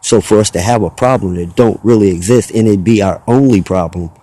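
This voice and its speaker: Low, mellow-voiced man ranting. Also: a little fast, no room sound. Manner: rambling, preachy, argumentative. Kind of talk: spoken monologue.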